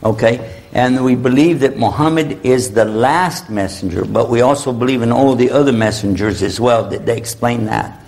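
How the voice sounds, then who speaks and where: A man lecturing on Islam before a live audience in a hall, his voice gravelly and fry-tinged at a middle pitch. He keeps it lively and joking, drawing the crowd into call-and-response. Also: moderate pace. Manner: humorous, animated, leads audience call-and-response.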